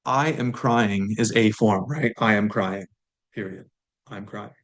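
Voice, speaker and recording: A man with a lowish voice gives a language lesson. He talks at an unhurried, deliberate pace, walking through the grammar step by step and saying each word more than once so learners can follow. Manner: relaxed explanatory, repeats words slowly. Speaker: language teacher.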